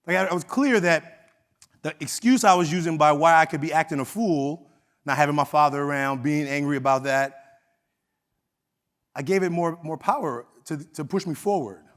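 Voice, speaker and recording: A man's voice: fairly high pitch, moderate pace, fairly bright tone. A middle-aged man with an Oakland accent giving a keynote speech, telling a personal story in a conversational way and acting out quoted dialogue. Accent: Oakland, California. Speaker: keynote speaker. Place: conference hall stage.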